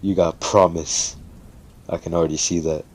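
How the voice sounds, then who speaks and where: A man doing a gruff, sleepy teacher. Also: sits low, level tone, moderate pace, darkish tone, no room sound. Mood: dry.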